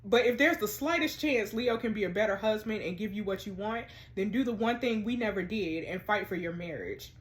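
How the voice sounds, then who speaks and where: A woman voicing a regretful middle-aged father who speaks gently and apologetically, reading game dialogue aloud in a soft, low, subdued way. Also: brisk, hardly any pauses, lightly acted. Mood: remorseful.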